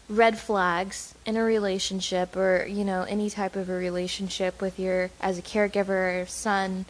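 Sex: woman. Pitch: average. Role: caregiver co-host. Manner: earnest, quick to laugh. Style: casual talk. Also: rough recording. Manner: earnest, laughs easily at hard moments. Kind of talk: casual conversational chat.

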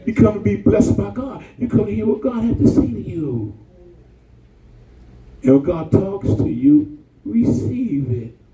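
Lively, high-pitched man preaching a sermon. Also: a little slow, long pauses, echoey room, distant mic, poor audio. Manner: animated, colloquial, calls out to the congregation.

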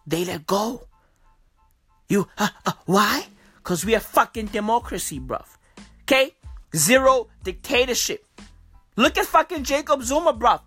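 Faint music plays under a South African woman's fairly high, animated voice as she hosts a podcast, ranting comically with profanity and slang and tagging almost every line with "bruv" and "okay." She keeps a measured pace with long pauses, and her tone is a bit bright and husky.

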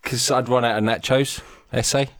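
A man's voice: mid-range voice, fairly even intonation, moderate pace, close to an everyday voice. A man voicing a brash, crude Mexican character in a poncho with a put-on Mexican accent, swaggering and teasing in improvised comedy chat.

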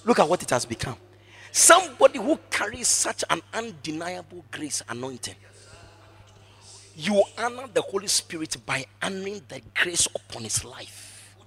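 A man preaching a sermon emphatically, repeating phrases for emphasis and swinging from hushed asides to shouted exclamations. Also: high voice, sing-song, moderate pace.

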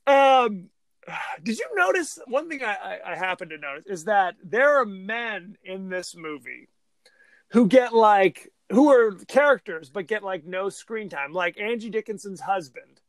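Brief: lively-pitched male podcast co-host, jokey and rambling, dry close mic. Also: measured pace, no echo. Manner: animated, jokey, rambling with restarts. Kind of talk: casual film discussion chat.

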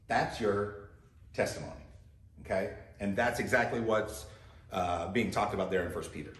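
A man's voice: on the low side, normal speed, reverberant. A man preaching a sermon as pastor, talking conversationally and putting direct questions to his listeners.

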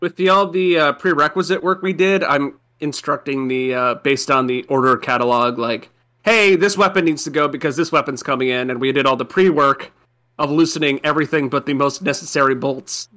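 A man's voice: a little high, brisk, pushed and bright. A man playing a tabletop game, joking and teasing, who says he is slightly buzzed. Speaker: player. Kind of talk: casual tabletop game play.

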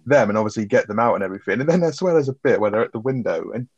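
A man's voice: on the low side, animated, very fast, slightly rough, dry recording, lo-fi sound. A man talking casually about a film on a podcast, swearing often and laughing as he talks. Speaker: podcast co-host.

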